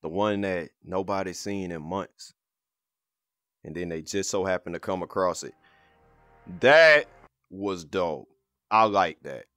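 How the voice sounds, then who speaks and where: A man talks through a VR game in casual, excitable commentary, full of slang and freely swearing. His voice runs a little low, and the sound is close and dry with no room echo. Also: measured pace. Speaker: VR gaming video host. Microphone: VR headset setup.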